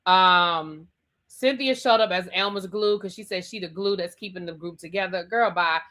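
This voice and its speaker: A woman's voice: fairly low pitch, moderate pace, bright, forceful tone. A woman hosting a live show, reviewing a reality TV episode in a chatty, sassy way and repeating her points. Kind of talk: casual live rant reading viewer comments.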